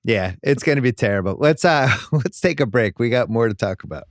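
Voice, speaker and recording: A male podcast host talking sports in a casual, joking way, firm in his opinions and quick to restart a thought. His voice sits in a middle pitch and is recorded dry and close on a studio mic. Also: lively intonation, no echo.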